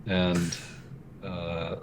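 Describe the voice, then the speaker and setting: Hesitant male game master, lower voice, filler-heavy delivery, faint background hiss. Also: completely flat delivery, very slow. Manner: hesitant, many filler words. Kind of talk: narrating a tabletop game.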